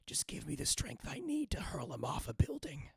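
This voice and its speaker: A man voicing the breathy, whispering ghost of a wealthy merchant in a tabletop game. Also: a little high, wildly swooping pitch, moderate pace, voice pushed up, heavily acted. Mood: pleading.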